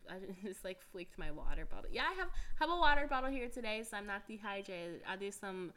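A woman's voice: mid-range voice, expressive, brisk, sharp tone. A young woman hosting a podcast in a chatty, giggly, casual way, full of filler words. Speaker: podcast host. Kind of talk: casual chat.

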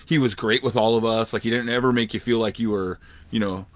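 A man's voice: lowish voice, steady tone, no echo. A man co-hosting a casual podcast chat, talking in an emphatic, rambling way. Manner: rambling, emphatic, fast talker. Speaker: podcast co-host.

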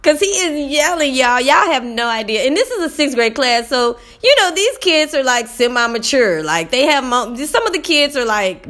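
Animated woman teacher telling a story. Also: high voice, moderate pace, few pauses. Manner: animated, talks to viewers as y'all, acts out dialogue. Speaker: middle school teacher. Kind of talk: casual storytelling to viewers.

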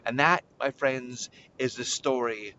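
A man hosting a children's podcast, telling a story and coaxing young listeners to shout along. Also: mid-range voice, fairly even intonation, measured pace, lo-fi sound, slight background noise.

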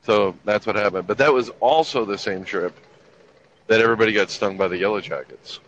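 Man in his 50s, low-voiced, easygoing storyteller swearing freely; dull lo-fi recording with faint room hum. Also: fairly quick, a bit bright. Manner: laid-back, profane, wry anecdotal delivery. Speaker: guest telling army stories. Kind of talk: casual storytelling chat.

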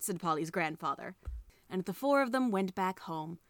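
A woman narrating a children's storybook in a soft, even reading voice. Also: lowish voice, moderate pace, dry recording, clean studio sound, soft background music.

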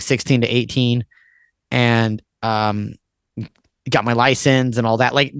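A man's voice: medium pitch, fairly bright tone, no echo. A man in his thirties chats as a podcast guest, rambling from one memory to the next with plenty of "like" and cursing. The recording is dry and close, with no room sound. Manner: rambling, swears often, fills with "like". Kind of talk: casual podcast chat.

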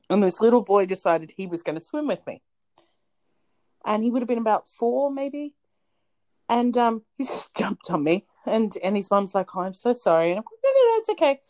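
A woman's voice: mid-range voice, moderate pace, dark tone. A woman co-hosting a podcast, telling a story in casual chat and often laughing. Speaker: podcast co-host.

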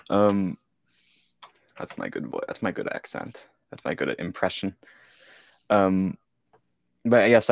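A young man with a fairly low voice co-hosts a podcast, chatting casually with no echo. He's goofy and joking, laughing often.

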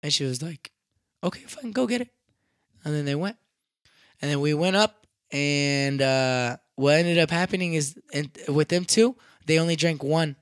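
A young man casually telling a rowdy story, profane and animated, acting out what people said. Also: fairly high pitch, moderate pace, clean tone, no room sound. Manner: animated, profane, acts out quotes loudly.

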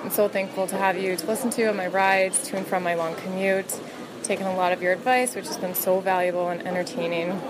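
A woman's voice: fairly low pitch, little pitch movement, a little fast, background noise. A woman calling in to a podcast with a friendly, chatty, upbeat message. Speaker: podcast listener caller. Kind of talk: recorded voice message.

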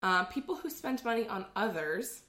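A woman's voice: medium pitch, animated, normal speed, sharp tone. A woman co-hosting a podcast in casual chat, explaining where phrases come from, with lots of fillers. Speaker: podcast co-host. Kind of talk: casual chat sharing trivia.

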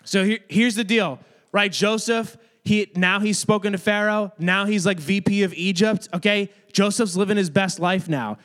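In a room full of kids, a man teaches a relaxed, conversational Bible lesson, speaking to them directly as their youth or children's ministry teacher. His voice is high-pitched and a bit bright, at a normal speed.

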